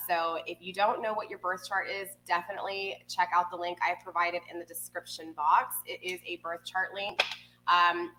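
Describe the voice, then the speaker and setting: A woman's voice: on the low side, fairly bright tone, a little hiss or hum, low-quality recording. A woman in her forties hosting a tarot reading, chatting casually with viewers, rambling with lots of ums. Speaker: tarot reader, channel host.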